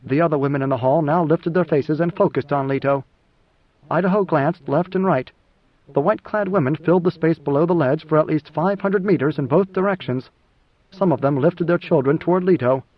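A man narrating an audiobook in an even, measured storytelling manner. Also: fairly high pitch. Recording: dull lo-fi recording.

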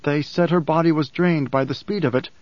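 A loyal male desert warrior, plain-spoken and respectful, as a man reads him aloud. The voice is a touch high for a man. The recording is dry and a bit muffled. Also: steady tone, brisk, no echo, natural voice. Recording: dull, dry audiobook sound.

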